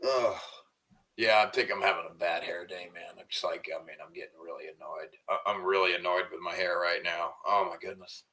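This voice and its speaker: Angry low-voiced man ranting. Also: steady tone, a little fast, sharp tone. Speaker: livestreamer. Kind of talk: livestream rant and chat. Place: at home.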